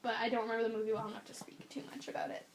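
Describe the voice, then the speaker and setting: A young adult woman co-hosting a podcast in casual chat, animated and blunt in her opinions. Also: a little high, very fast, noisy background. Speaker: podcast co-host.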